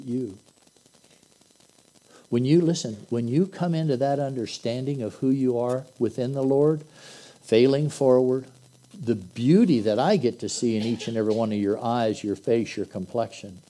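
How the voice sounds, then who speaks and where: Guy preaching, real dark mellow voice, casual talky sermon that builds up loud in spots. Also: medium pitch, poor audio. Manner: earnest, conversational preaching with rising emphatic bursts. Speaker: pastor.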